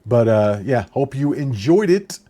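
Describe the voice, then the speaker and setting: Man, YouTuber, reaction commentary, exasperated, sarcastic, ranting, mid-pitched. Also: very animated, a little slow, mellow, a little hiss or hum.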